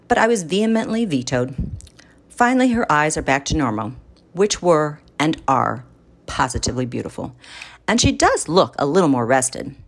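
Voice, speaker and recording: Female narrator, low and very animated, wry and theatrical delivery. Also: husky. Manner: wry, theatrical, big swings in pitch. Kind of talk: first-person story reading.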